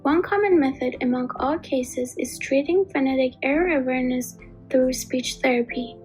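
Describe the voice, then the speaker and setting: A woman giving a scripted narration for an educational video in an even, explanatory reading manner. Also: sits high, moderate pace, low-quality recording. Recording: faint music behind the voice.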